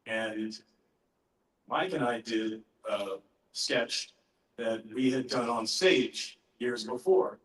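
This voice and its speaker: Middle-aged male panel guest, slow and easygoing storyteller, heard from far off in a reverberant room. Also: medium pitch. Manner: relaxed, anecdotal, pauses to gather his thoughts. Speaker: guest voice actor on a fan panel. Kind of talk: live convention Q&A answers. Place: large convention panel room. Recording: echoey hall, voice heard from far off.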